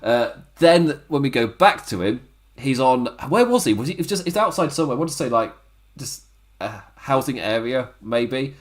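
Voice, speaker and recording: Man with a very lively voice. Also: medium pitch, moderate pace. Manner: laughs often, acts out the wrestlers' lines. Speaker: podcast host. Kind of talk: casual wrestling review chat.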